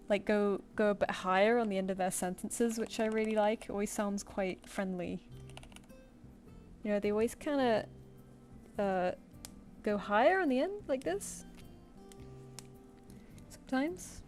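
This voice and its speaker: Woman drawing on stream, chatting along and reading out chat, soft music under it. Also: mid-range voice, steady tone, a little slow, pauses often. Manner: chatty, thinks aloud, reads chat comments and answers them.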